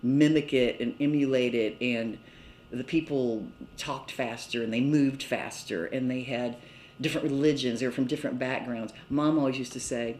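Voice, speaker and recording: A woman's voice: rumbling low, fairly even intonation, moderate pace, a little mellow, a little hiss or hum. Chatty older woman in a roomy space. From Mobile, Alabama, USA. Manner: chatty, laughs often between phrases. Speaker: interviewee. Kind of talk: casual reminiscing. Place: indoors in a cottage. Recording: roomy echo.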